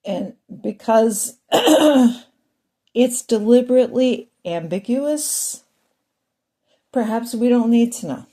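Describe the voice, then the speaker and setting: A woman talking in a rambling, digressive monologue with dry asides, clearing a frog from her throat now and then. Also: on the high side, slow, mellow. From part Irish, part English ancestry. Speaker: spiritual talk host.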